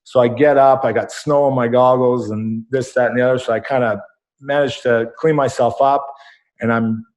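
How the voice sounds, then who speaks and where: A man's voice: mid-range voice, steady tone, normal speed, a little mellow. A man from Canada, a former rugby player who guests on a podcast and tells a vivid, rambling anecdote full of ums. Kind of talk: casual storytelling.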